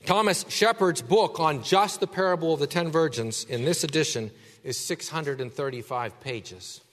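A pastor preaching a sermon, swinging from hushed asides to loud, driving emphasis. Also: male voice, fairly high pitch, moderate pace. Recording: hall reverb.

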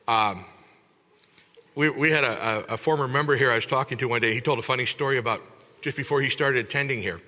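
A man preaching a sermon in church, teaching with animated emphasis and acting out congregants in voices. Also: mid-range voice, a little fast, long reverb tail. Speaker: pastor.

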